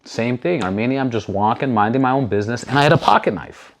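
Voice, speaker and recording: Animated man telling a story. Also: medium pitch, quick pace. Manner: animated, repeats words when excited. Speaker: podcast host. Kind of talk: casual storytelling.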